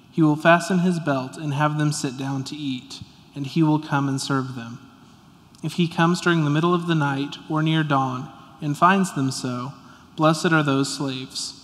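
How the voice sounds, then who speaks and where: A man reading a scripture passage aloud at a steady, measured pace. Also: on the high side. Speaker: scripture reader. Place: church sanctuary. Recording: long reverb in a church sanctuary.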